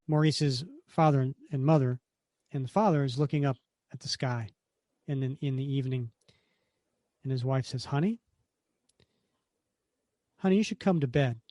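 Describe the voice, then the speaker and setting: A man co-hosts a casual comic book podcast, retelling the story panel by panel with plenty of ums and restarts. His voice sits in a middle pitch. The sound is dry and close to the mic. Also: a little mellow, no echo. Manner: rambling, many fillers and restarts. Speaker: podcast co-host.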